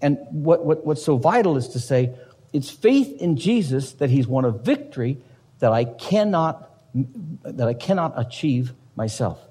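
A man's voice: fairly high pitch, sing-song, measured pace, warm tone, breathy edge, long reverb tail. A man preaching a sermon as pastor, emphatic, with rhetorical questions to the congregation.

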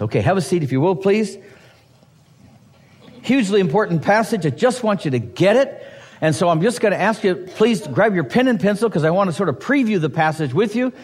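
A man's voice: high-pitched, expressive, a little fast. A man preaching a sermon as pastor, teaching a passage verse by verse with emphatic asides and touches of humor. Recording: husky voice in a hall with long reverb.

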